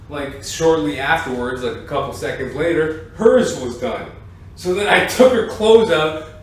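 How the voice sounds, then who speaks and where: Guy ranting a funny story slow, swearing a lot, lively up and down, echoey room. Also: on the high side. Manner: profane, rambling, keeps saying "ladies and gentlemen". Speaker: comedian. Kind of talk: rambling stand-up rant. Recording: echoey room, distant mic, faint noise.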